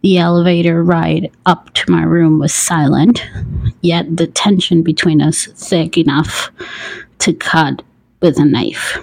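Slow, gravelly woman narrating intimately. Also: on the low side, no room sound, rough recording. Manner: hushed, intimate, often slipping into whispers. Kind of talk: first-person erotic story narration.

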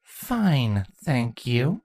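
A woman's voice: mid-range voice, huge pitch swings, normal speed, no room sound, pitched above the performer's own voice. A woman voicing a young, studious female changeling princess who sounds eager and curious, in a fan fiction reading.

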